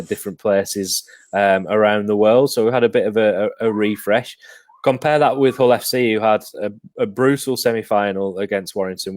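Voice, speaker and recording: Low-voiced man hosting a sports chat. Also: darkish tone, dry recording. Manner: reads viewer comments aloud, hesitant with many ums. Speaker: podcast host.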